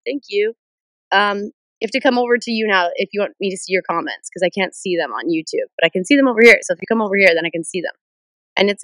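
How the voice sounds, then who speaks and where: A young woman in her twenties with a bit of a cold, chatting excitedly on a livestream and answering viewer comments. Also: mid-range voice, no room sound. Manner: bubbly, excitable, jumps between viewer shoutouts. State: stuffed up with a cold. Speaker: livestream host. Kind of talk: casual livestream chat reading comments. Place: in a car. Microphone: phone camera.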